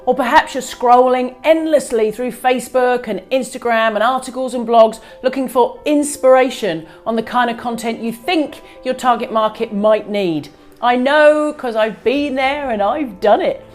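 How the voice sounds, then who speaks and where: Energetic higher-voiced woman video host. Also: moderate pace, faint music behind. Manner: energetic, emphatic, talks straight to the viewer. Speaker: host of a business video show. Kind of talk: upbeat direct-to-camera advice.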